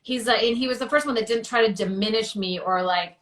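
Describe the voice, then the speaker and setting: A woman's voice: a little high, fairly quick, a bit bright, roomy sound. A woman in her thirties telling her personal story as an interview guest, chatty with many fillers and acting out quotes.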